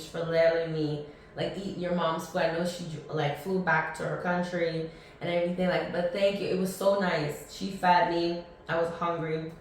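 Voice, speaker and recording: A woman's voice: lowish voice, a little hiss or hum. Woman in her thirties, casual podcast storytelling, acts out dialogue, very echoey room, a bit far from the mic. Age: 30s. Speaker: podcast host.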